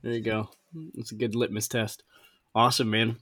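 A man hosting a podcast, chatting casually and excitably, swearing now and then. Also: on the low side, normal speed. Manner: excitable, swears, laughs at himself. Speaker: podcast host. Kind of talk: casual chat.

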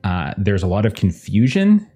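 A man's voice: fairly low pitch, very animated, moderate pace, mellow, husky. A man narrating as game master in a tabletop game, in a loose, conversational way with many fillers.

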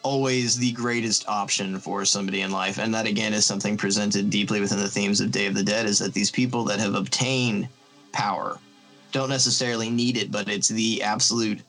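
A man talking casually about films in a sarcastic, profane, animated way. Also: fairly low pitch, brisk, faint music behind, poor audio. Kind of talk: casual film discussion.

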